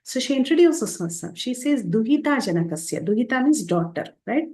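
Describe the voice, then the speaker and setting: A woman retelling a scripture story in a class, slowing down for quoted speech and stopping to explain terms. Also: a little high, expressive, mellow, rough recording. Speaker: scripture teacher.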